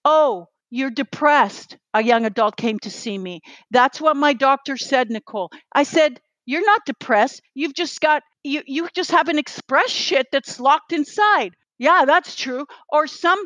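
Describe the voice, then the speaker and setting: A woman's voice: high-pitched, lively intonation, unhurried, few pauses, fairly bright tone, no echo, low-quality recording. A woman guest on a podcast, talking bluntly and with swearing, acting out little back-and-forth dialogues as she makes her point. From Israel. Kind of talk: animated rant.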